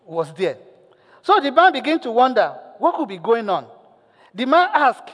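A male pastor preaching a sermon, telling a story with lively acted lines and putting questions to the congregation. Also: very high voice, normal speed, big-room sound.

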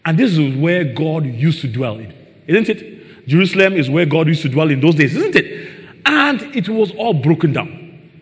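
A man's voice: on the high side, big pitch swings, normal speed. A man preaching a sermon, often asking his listeners rhetorical questions. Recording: long reverb in a large hall.

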